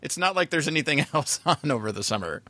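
A man's voice: a little high, very animated, fast, sharp tone. A man hosting a podcast in casual chat, laughing often while he teases his guests. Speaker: podcast host.

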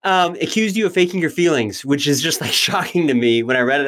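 A man's voice: on the high side, animated, quick pace, fairly bright tone. Chatty self-deprecating male podcast host. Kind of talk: casual interview chat.

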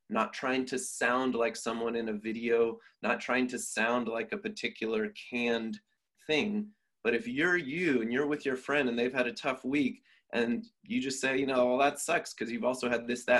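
Husky-voiced man musing on a podcast. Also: mid-range voice. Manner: reflective, thinks aloud with restarts. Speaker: podcast co-host, trainer. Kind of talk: conversational podcast talk.

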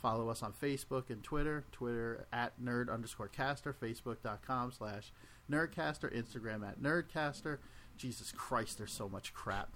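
A man's voice: medium pitch, normal speed, a bit bright. Male podcast host, easygoing and jokey, mid-range voice with a faint noise floor. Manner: joking, laid-back, rattles off plugs. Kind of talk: casual podcast chat.

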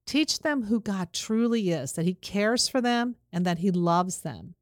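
An earnest woman talks parents through a religious lesson in a steady, instructive voice. Her pitch sits in an ordinary middle range. The recording is dry and close, with no room sound. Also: measured pace, dry recording. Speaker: Christian teacher for parents.

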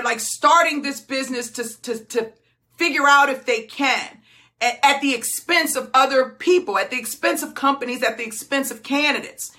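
A woman, a business coach giving a fired-up, tearful motivational talk on a group call, often shouting and repeating herself. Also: sits high.

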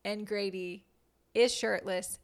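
A woman's voice: mid-range voice, fairly even intonation, takes it slowly. A woman co-hosting a podcast, giggly and gushing in a casual movie review chat. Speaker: podcast co-host.

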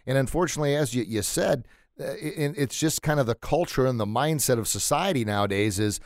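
A man's voice: medium pitch, expressive, brisk, no room sound, clean studio sound. A man hosting a podcast in casual chat, laughing along with his guest. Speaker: podcast host.

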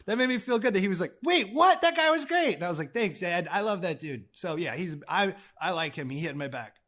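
A man's voice: fairly high pitch, fast. A young man, a comedian guest, telling stories in casual chat, acting out quotes with lots of swearing and laughter. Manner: animated storytelling, acts out quotes, swears, laughs.

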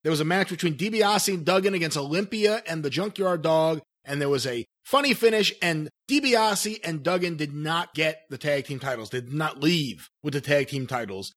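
Higher-voiced man hosting a chat. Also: lively intonation, moderate pace, hardly any pauses, a bit bright. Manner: leads the talk, cues clips. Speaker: podcast host. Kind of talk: casual commentary chat.

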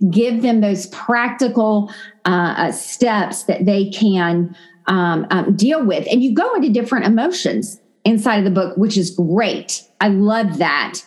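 Woman interviewer, talks real slow, lots of um and uh. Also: mid-range voice, expressive, a little mellow. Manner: hesitant, many fillers, affirming murmurs. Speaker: interview host. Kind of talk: interview questions.

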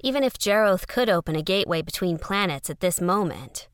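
A woman's voice: lowish voice, lively intonation, normal speed, few pauses, clear, resonant tone, dry recording, clean studio sound. Woman narrating a conversational audio story. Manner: conversational first-person letter narration. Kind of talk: audio fiction reading.

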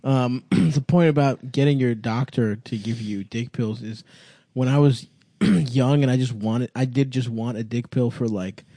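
A man's voice: medium pitch, measured pace, warm tone, dry recording. A man co-hosting a podcast in casual chat, laughing often and chiming in with crude jokes.

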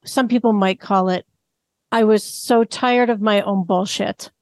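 Slow, calm woman interviewer. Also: mid-range voice, dry recording, clean studio sound. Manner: calm, affirming, nonjudgmental. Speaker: host. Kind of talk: interview questions.

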